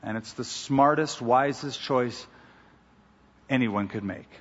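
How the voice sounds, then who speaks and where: A man preaching a sermon as pastor, telling stories in a measured, emphatic way, with a husky voice. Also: mid-range voice. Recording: dull audio with long hall reverb.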